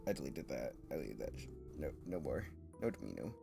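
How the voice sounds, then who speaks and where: A man's voice: extremely low pitch, big pitch swings, quick pace, vocal fry, warm tone, faint music behind. A man streaming and chatting casually with viewers, rambling with frequent laughs, false starts and restarts, a little nervous. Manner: self-consciously nervous.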